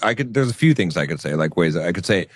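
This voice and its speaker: A man's voice: low voice, lively intonation, fast, dry recording. A man co-hosting a podcast, talking casually about relationships, often repeating words and checking in with "right?". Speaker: podcast co-host.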